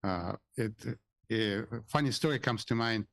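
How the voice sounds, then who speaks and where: A man who is a financial adviser, speaking as a radio guest in a chatty, relaxed way and telling anecdotes. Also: on the low side, measured pace, dry recording. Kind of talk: casual radio talk with anecdotes.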